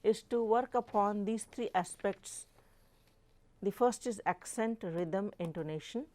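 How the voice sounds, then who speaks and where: A middle-aged woman professor with an Indian English accent gives a slow, deliberate lecture, repeating definitions and stressing words to demonstrate pronunciation. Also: medium pitch, a little mellow. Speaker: professor teaching a live online course.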